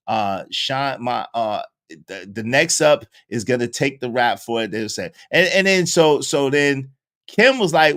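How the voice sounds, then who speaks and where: A man hosting casual commentary, recapping a book and acting out the people in it with lively storytelling. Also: medium pitch, measured pace. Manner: animated storytelling, acting out quoted voices. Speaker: host.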